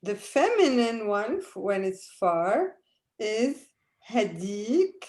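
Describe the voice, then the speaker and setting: A woman from the Arab world leads an online language class, patiently drilling vocabulary with her students. She talks slowly and calmly, repeating each word with care. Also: on the high side. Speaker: Arabic teacher.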